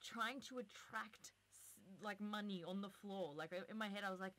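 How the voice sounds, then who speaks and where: A woman's voice: mid-range voice, normal speed, hardly any pauses, fairly bright tone. A woman in her twenties telling a rambling story to her viewers in a casual vlog, talking chattily with lots of filler words. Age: 20s. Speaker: vlogger.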